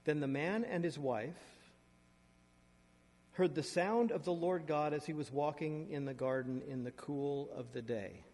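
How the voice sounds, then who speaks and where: A man preaching a sermon, reading scripture aloud and adding asides, with sharp shifts in loudness and emphasis. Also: a little high, unhurried. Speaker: pastor. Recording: long reverb of a large hall.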